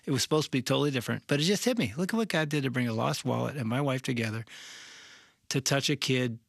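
A man's voice: mid-range voice, fast, vocal fry, dry recording, clean studio sound. A middle-aged man, a pastor and co-host, telling a story in casual chat and acting out the quotes. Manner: animated storyteller, acts out quotes.

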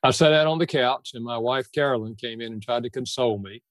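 A man's voice: medium pitch, quick pace, no room sound. An older man speaking as a podcast guest, telling a personal story in an earnest, heartfelt way.

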